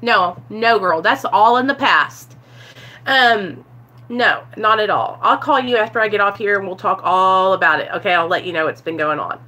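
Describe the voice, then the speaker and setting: This woman has a mid-range, bright, forceful voice and speaks at normal speed. As a vlogger in a casual live stream, she talks earnestly and confessionally about recovery, addressing viewers as "you guys" and answering chat comments while she talks.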